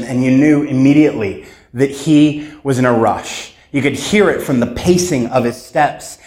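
A man's voice: a little high, a little mellow. Man telling a story onstage in an echoey hall. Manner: dramatic storyteller, acts out sounds and voices, slows for emphasis. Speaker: keynote speaker. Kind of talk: storytelling keynote speech. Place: conference hall.

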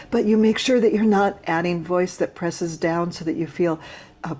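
A woman voice teacher giving a patient, measured explanation of a singing technique, with small restarts as she talks. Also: lowish voice, darkish tone. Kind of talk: instructional talk to camera.

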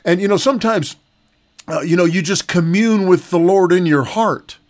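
Middle-aged pastor, kinda high voice, chatty folksy sermon, repeats himself and laughs a lot. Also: male voice, moderate pace, a little mellow. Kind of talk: relaxed broadcast sermon.

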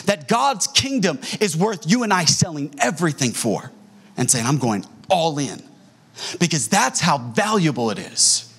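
A man preaching from a church stage in a husky, slightly high voice. His pitch rises and falls widely as he tells stories with energy. He slips into quoted dialogue as he teaches. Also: moderate pace. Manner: animated storytelling, acting out quoted dialogue. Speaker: pastor. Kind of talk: sermon. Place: church sanctuary.

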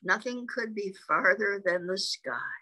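A woman's voice: medium pitch, expressive, unhurried, pushed and bright, rough recording. A woman reading a picture book aloud to small children, chatty and asking them little questions. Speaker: storybook reader for children.

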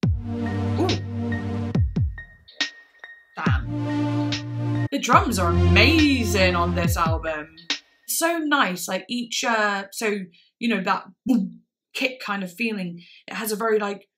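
A woman's voice: medium pitch, lively intonation, slow, pauses often, loud music behind the voice. A young woman giving casual reaction commentary on songs, effusive and emotional, with lots of filler words. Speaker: music reaction vlogger.

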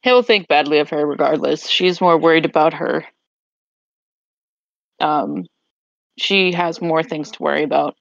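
Recapping a tabletop game on a podcast, a woman talks casually and loosely, restarting her sentences while she remembers events. Her low voice carries vocal fry, her pace is unhurried with long pauses, and there's no room sound in the slightly muffled, dry recording.

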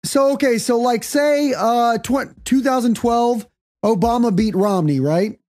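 A woman hosting a casual comedy podcast, telling rambling stories in a loud, profane way. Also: fairly high pitch, a little slow. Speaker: podcast host.

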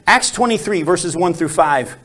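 A man teaching a Bible study, telling stories with animated delivery and acting out quoted lines. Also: sits high, moderate pace. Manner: animated storytelling, acts out quotes with dropped voice.

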